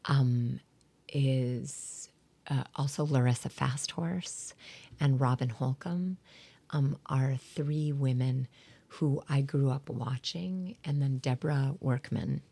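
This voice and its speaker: Very low, gravelly, husky woman storyteller. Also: slow pace. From South Dakota, USA. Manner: rambling storytelling with many fillers, dropping into soft whispery asides. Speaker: guest, actor and theater teacher. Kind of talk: casual interview chat.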